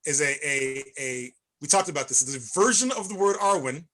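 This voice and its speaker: A man from Chicago hosts a podcast with a bright, sharp voice that sits high for a man. His pitch swings widely as he chats with plenty of enthusiasm. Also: normal speed. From Chicago, USA. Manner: animated and enthusiastic. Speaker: podcast host. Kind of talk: casual chat.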